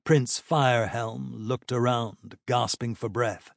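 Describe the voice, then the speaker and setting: Guy reading a fantasy audiobook, takes his time, steady and even, no room sound. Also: mid-range voice, slow, creaky, no echo, studio quality. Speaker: narrator. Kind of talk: audiobook narration.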